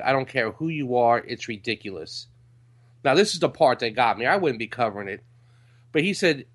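A man co-hosting a live wrestling podcast, running through the week's news in a relaxed, matter-of-fact way. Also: medium pitch. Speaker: podcast co-host.

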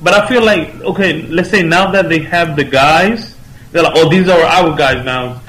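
A man's voice: on the high side, normal speed, crowd noise, poor audio. A man co-hosting a casual chat, rambling and arguing his point with some swearing.

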